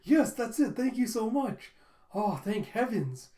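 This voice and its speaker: A man's voice: fairly high pitch, lively intonation, moderate pace, warm tone, natural voice. A man putting on a gushing polite dad. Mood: relieved. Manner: polite, gushing, over-thankful. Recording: roomy echo.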